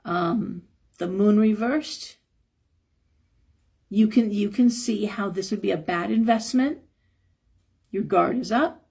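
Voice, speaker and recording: A tarot reader does a live reading, her hoarse, husky voice gravelly, crackling and a little worn, though a little mellow too. She gives frank advice with the odd chuckle, at a medium pitch, taking it slowly and pausing often.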